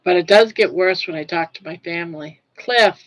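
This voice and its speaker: An older woman from Portland, Maine, with a Down East accent, livestreams from her home couch on a phone, chatting casually and laughing easily as she answers viewers. Her voice is fairly low at a moderate pace, and the audio is poor.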